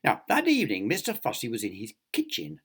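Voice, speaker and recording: A man's voice: mid-range voice, wildly swooping pitch, a little fast, a bit bright, breathy edge. A man, a teacher, reading a picture book aloud to children, with chatty asides to his young listeners.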